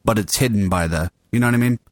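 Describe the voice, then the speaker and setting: A man's voice: lowish voice, fast, no room sound, studio quality. A man hosting a podcast table read, joking and laughing a lot as he talks through retakes. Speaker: podcast host. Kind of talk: casual table read with banter.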